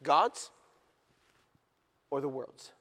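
A male pastor preaching a sermon, swinging from hushed, slow lines to loud, shouted passages. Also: mid-range voice, long reverb tail.

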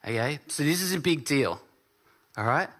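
A man's voice: a little high, expressive, normal speed, fairly bright tone. A man preaching a sermon as pastor, telling a story in a casual way and often checking in with his listeners. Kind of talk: conversational sermon.

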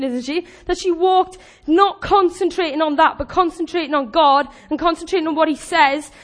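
A woman preaching a sermon in a chatty, animated way, laughing often and acting out the voices of the people she quotes. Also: sits high.

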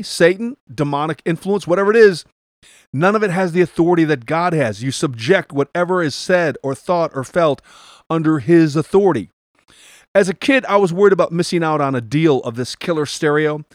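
A man giving an emphatic devotional teaching, acting out short voices in quick asides. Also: on the high side, dry recording, clean studio sound. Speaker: preacher.

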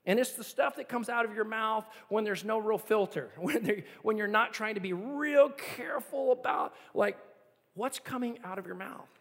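High-voiced pastor preaching in a reverberant hall. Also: male voice, normal speed, vocal fry, fairly bright tone. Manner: earnest storytelling, building to emphatic repeated appeals. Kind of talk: sermon. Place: church sanctuary. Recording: long reverb of a large hall.

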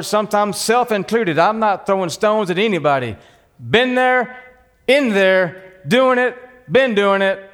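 Fiery high-voiced Texan preacher. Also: male voice, a bit bright, in a large hall. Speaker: pastor. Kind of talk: sermon. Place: church.

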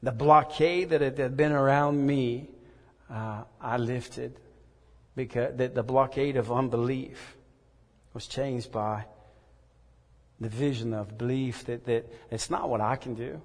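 A man preaching a sermon and telling a personal story, earnest and halting, often repeating words. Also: medium pitch, fairly even intonation. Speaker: pastor. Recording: echoey hall reverb.

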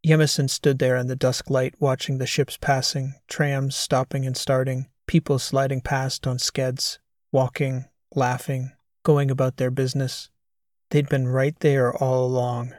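A man narrating a science fiction audiobook in a measured, even way. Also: mid-range voice, dry recording, clean studio sound. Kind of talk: scripted narration.

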